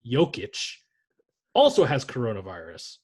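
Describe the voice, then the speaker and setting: A man's voice: medium pitch, huge pitch swings, measured pace, breathy edge. A man co-hosting a casual sports podcast, rambling and joking with frequent swearing. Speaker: podcast co-host.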